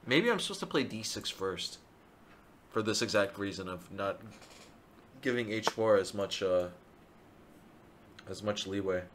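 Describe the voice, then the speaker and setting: A male chess streamer thinking aloud through his live game, excitable and self-mocking. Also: on the low side, noisy background.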